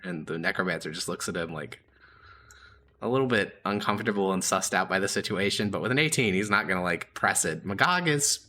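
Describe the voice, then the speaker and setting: A man's voice: sits low, fairly quick, pushed and bright, a little hiss or hum. A young man narrating as game master in a casual, hesitant way with many fillers.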